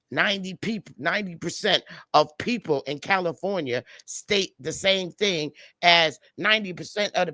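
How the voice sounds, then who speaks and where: A woman's voice: fairly low pitch, sharp tone, no room sound. A woman speaking as a panelist on a live stream, delivering a heated, blunt and profane rant over a video call. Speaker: livestream panelist.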